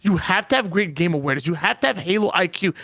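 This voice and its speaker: A man's voice: high-pitched, expressive, fast talker, gravelly, a bit bright, no room sound. A man co-hosting a podcast, talking emphatically and ranting, often stammering as he restarts his sentences. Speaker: podcast co-host. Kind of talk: casual podcast discussion.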